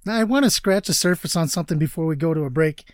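A man's voice: a little high, expressive, quick pace, no echo, clean studio sound. A man hosting a podcast interview, asking short follow-up questions. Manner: brief prompts and follow-up questions. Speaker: podcast host.

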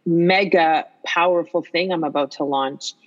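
A woman in her fifties chatting as a podcast guest, an animated storyteller who swears freely. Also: sits low, unhurried, muffled recording. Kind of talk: casual chat.

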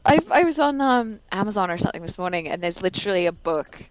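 A woman's voice: fairly low pitch, expressive, quick pace, dry recording, rough recording. A woman co-hosting a casual film podcast, speaking in a loose, chatty way with lots of "like" fillers and frequent laughter. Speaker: podcast co-host. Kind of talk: casual film-review chat.

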